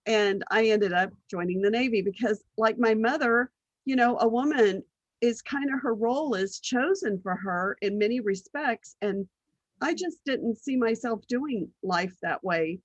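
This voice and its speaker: Lively storytelling woman, dry close sound. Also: fairly high pitch, unhurried, no echo, lo-fi sound. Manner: animated anecdotes, acts out quoted voices, laughs often. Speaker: guest, business strategist. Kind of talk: casual storytelling interview.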